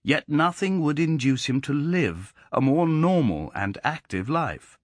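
A man narrating a literary audiobook in a measured, expressive storytelling manner. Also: medium pitch, no room sound, studio quality.

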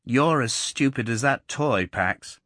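A man reading an audiobook, voicing a precocious, scornful boy of about five who speaks slowly and pointedly. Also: mid-range voice, animated, fairly bright tone, dry recording, clean studio sound. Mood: impatient. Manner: slow, pointed, triumphant.

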